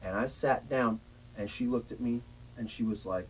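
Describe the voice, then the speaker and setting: A young man casually telling a long, profane story in a rambling, animated way. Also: mid-range voice, moderate pace, husky, poor audio. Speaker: storyteller guest.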